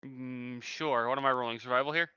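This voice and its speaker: A man's voice: medium pitch, steady tone, a little fast, sharp tone, clear, resonant tone, no room sound, muffled recording. A man playing a tabletop game, joking in a wry way. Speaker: player. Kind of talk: casual tabletop game chat.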